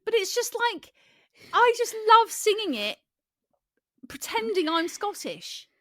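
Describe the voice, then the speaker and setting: A woman co-hosting a casual comedy podcast, talking in a high voice that leaps up and down as she rambles. She giggles often and keeps things playful. The sound is close and dry, with no room echo. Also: sing-song, slow pace, bright, forceful tone. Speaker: podcast co-host.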